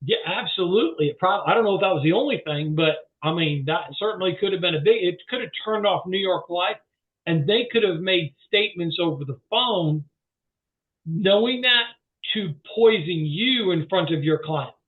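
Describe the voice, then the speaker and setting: A man training salespeople, talking in a folksy, animated way and acting out both sides of a phone call as he coaches. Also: high voice, normal speed. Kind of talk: coaching with role-play demonstration. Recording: tinny phone-like video call audio.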